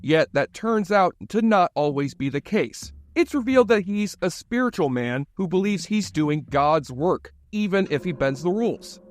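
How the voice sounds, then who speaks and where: A man reading a scripted video essay narration in an even, read-aloud way. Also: high-pitched, normal speed, hardly any pauses, dry recording.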